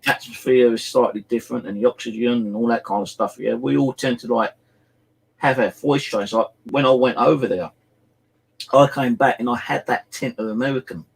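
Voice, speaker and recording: A middle-aged Englishman with a gravelly, husky voice tells stories in a loose, chatty way, leaning on "you know" between phrases. His English accent is plain, and his pitch sits in the middle range for a man. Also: fairly quick, rough recording. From England. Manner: animated anecdotes, many "you know" fillers. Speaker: host. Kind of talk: casual storytelling chat.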